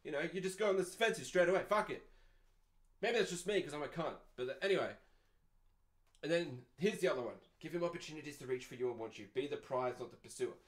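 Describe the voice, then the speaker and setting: A young Australian man in his twenties talks in a loose, foul-mouthed podcast rant. His voice sits a little higher than most men's. He is sardonic and unfiltered. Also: lively intonation, quick pace. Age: 20s. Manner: profane, ranting and sardonic. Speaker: podcast host.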